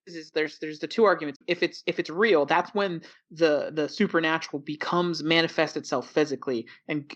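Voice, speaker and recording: A man's voice: a little high, a bit bright, muffled recording. A man co-hosting a film podcast, arguing his reading of the film step by step. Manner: argumentative, explains step by step. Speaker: podcast co-host. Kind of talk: casual film discussion.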